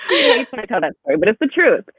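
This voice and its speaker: A woman chatting casually on a live podcast, telling stories in an animated way and acting out the people she quotes. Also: mid-range voice, very fast, slightly rough, no room sound. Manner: animated storyteller, acts out voices in quotes. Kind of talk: casual chat. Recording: tinny phone-like live stream audio.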